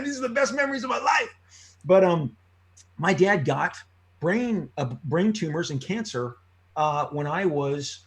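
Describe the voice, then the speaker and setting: A man in his fifties tells stories from his life in an animated, excitable way. His voice sits slightly high for a man. He stumbles and restarts often, then bursts into loud exclamations. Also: vocal fry. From Southern California. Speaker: interview guest, comic creator. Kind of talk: animated storytelling in a long interview.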